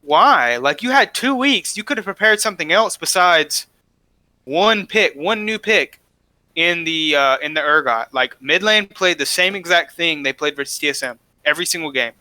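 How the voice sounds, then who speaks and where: A man's voice: on the high side, animated, moderate pace, sharp tone, no room sound. A man co-hosting a casual esports podcast, breaking down matches in an opinionated, emphatic way and driving his points home by repeating them. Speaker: podcast co-host. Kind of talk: casual esports analysis chat.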